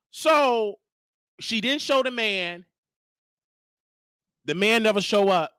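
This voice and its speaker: High-pitched man telling a story. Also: dry recording, clean studio sound. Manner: animated, acts out quoted exchanges. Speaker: host. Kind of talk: casual commentary storytelling.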